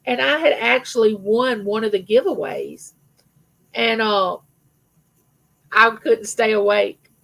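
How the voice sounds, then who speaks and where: A woman's voice: on the high side, takes it slowly, vocal fry, pauses often, a bit bright, rough recording. A middle-aged woman hosting a casual live chat with her viewers, telling rambling personal stories. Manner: chatty, rambling storyteller, greets viewers by name. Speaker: livestream host.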